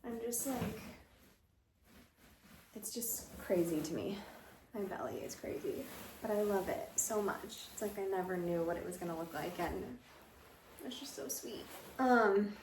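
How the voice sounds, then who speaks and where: Speaking a little slowly at medium pitch, a young woman rambles casually through a pregnancy vlog in a room at home, using many fillers and sounding slightly out of breath. The room is echoey and background noise is audible.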